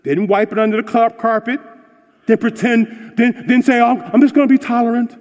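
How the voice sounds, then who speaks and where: A man's voice: extremely high pitch, moderate pace. Passionate preacher man in a reverberant hall. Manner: passionate, swings from hushed to shouting. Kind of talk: sermon with closing prayer.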